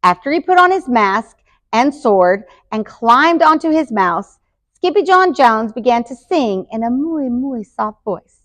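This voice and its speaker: A woman's voice: high-pitched, unhurried. Woman librarian reading a picture book aloud. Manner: lively, expressive read-aloud. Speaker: school librarian.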